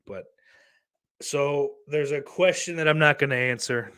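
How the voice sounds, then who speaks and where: A podcast host chats casually and reads viewer comments in a rambling, heavily profane, self-mocking way. His male voice is fairly high, bright, and clean, delivered a little slowly with a forceful tone.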